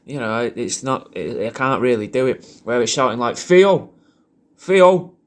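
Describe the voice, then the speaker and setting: English bloke rambling crude and deadpan, lots of swearing, mid-pitched. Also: male voice, moderate pace. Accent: English regional. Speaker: comedic character doing a personalised video message. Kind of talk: rambling comic monologue.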